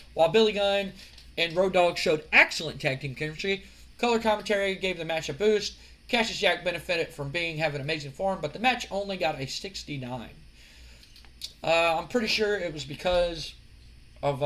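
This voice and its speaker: A man's voice: on the high side, fairly bright tone. A man casually narrating a wrestling simulation playthrough, chatty and rambling, with frequent fillers and some swearing. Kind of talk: casual let's-play commentary.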